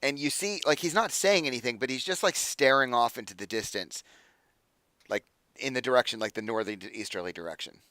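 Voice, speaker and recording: A man narrating as game master, relaxed and rambling with many fillers. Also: medium pitch, a little fast, no echo.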